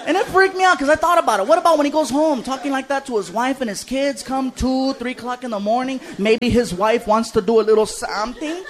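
Brief: male stand-up, very high voice, crowd noise behind. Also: quick pace, hardly any pauses. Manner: chatty storytelling, slips into character voices. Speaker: comedian. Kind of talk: stand-up comedy. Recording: live club recording with audience. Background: audience noise.

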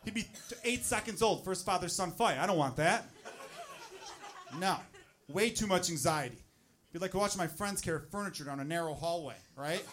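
Animated storytelling man doing stand-up. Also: high-pitched, normal speed, a little hiss or hum. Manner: animated storytelling, acts out voices. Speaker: stand-up comedian. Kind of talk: stand-up comedy set. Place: comedy club stage.

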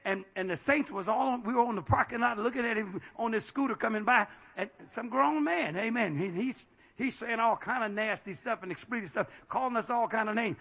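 A male pastor preaching a fiery, folksy sermon, peppered with amens and rising to shouts. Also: very high-pitched. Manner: folksy, plain-spoken.

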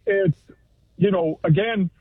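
A man's voice: high-pitched, slow, husky. Man calling in on a tinny phone line. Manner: rambling, casual. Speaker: caller. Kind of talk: casual phone call.

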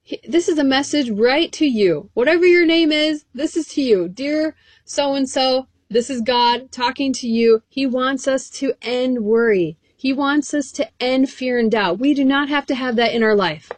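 An earnest woman preaching a sermon, with a fairly high voice. She reads scripture aloud and puts questions straight to her listeners. The sound is dry and close, with no room echo. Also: normal speed.

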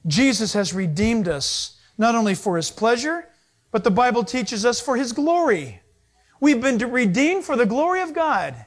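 Animated, high-voiced male pastor preaching. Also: normal speed. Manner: animated, acts out voices and jokes with the audience. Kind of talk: sermon.

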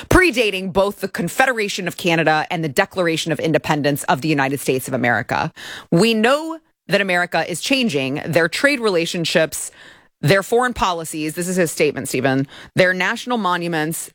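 A sarcastic woman host delivering opinionated political commentary in a studio. Her voice sits a little low and comes across dry and close, with no room around it. She mocks her targets with easy scorn. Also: expressive, brisk, fairly bright tone, no echo. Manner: sarcastic, mocking. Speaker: show host. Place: broadcast studio.

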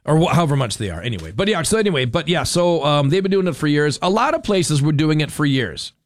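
Man, radio host, rambling and chatty, slightly high voice, dry close mic. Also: very animated, fast talker, no echo. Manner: rambling, chatty, self-correcting with fillers. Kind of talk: casual opinionated radio talk.

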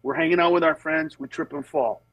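A man, a comedian, talking casually in a conversational storytelling way, lively and quick to slip into impressions of other people, then earnest and steady on serious points. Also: a little high, gravelly, no echo, rough recording. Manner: animated, jumps into acted voices of others. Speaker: comedian guest on a talk show.

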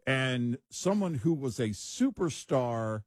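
Man co-hosting, slow and emphatic, husky voice, lots of up and down in pitch, dry sound. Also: lively intonation, no room sound. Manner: slow, emphatic, opinionated remarks. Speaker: co-host. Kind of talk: casual political commentary.

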